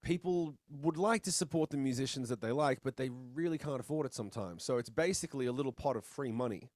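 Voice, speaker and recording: Australian man, mid-pitched, chatty and blunt, close dry sound, video call. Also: fast talker, a little mellow, dry recording. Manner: laid-back, blunt, chatty, swears casually. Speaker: musician guest. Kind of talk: casual video-call interview.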